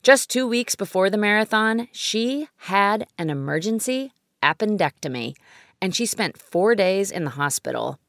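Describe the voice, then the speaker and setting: Woman in her fifties, podcast host, scripted narration, upbeat, very lively pitch, dry sound. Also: moderate pace, no echo. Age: 50s.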